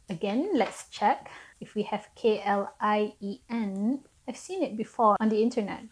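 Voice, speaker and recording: A woman's voice: medium pitch, darkish tone, poor audio. Chatty woman teaching a language. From Malaysia. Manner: chatty, explanatory, with self-mocking asides. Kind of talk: online language lesson.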